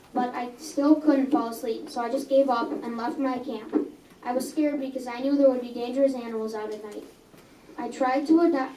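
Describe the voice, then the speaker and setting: A woman's voice: fairly high pitch, dark tone, slight background noise. A young reader reading her own story aloud in a coffee house, earnest, with small stumbles and self-corrections. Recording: echoey room, mic at a distance.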